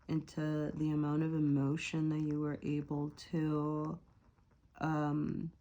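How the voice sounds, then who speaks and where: A woman with a low-pitched voice gives a casual tarot reading in a loose, rambling way. She hesitates often, leans on fillers and tag questions, and keeps correcting herself and apologizing. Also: gravelly, warm tone. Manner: rambling, hesitant, many fillers and rhetorical "right?". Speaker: tarot reader.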